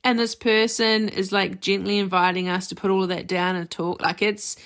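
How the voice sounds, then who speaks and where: A woman's voice: mid-range voice, flat delivery, moderate pace. A woman podcast host and therapist speaking in a candid, reflective personal monologue, conversational with casual fillers. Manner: warm, candid and conversational, with many "like" and "you know" fillers.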